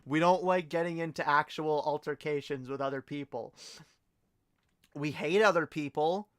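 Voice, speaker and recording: A man's voice: fairly high pitch, normal speed, smooth. A man from Canada chatting casually on a livestream, swearing a lot and stumbling through rambling restarts. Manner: profane, rambling, stammering restarts. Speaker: streamer.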